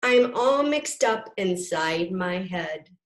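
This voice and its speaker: A woman voicing a big, friendly, muddled male bear with a bouncy, high storybook voice. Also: lively intonation, takes it slowly. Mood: eager. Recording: roomy echo.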